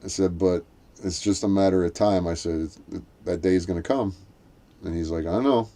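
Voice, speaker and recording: Low, dark-voiced man telling a halting story. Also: flat delivery. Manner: rambling, halting storytelling with many restarts; acts out quoted voices in a raised pitch. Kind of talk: casual chat.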